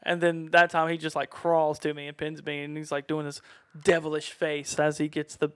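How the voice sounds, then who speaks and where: A man telling stories in casual chat, acting out quotes with loud exclamations. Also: on the high side, completely flat delivery, normal speed, smooth, dry recording, studio quality. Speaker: podcast guest.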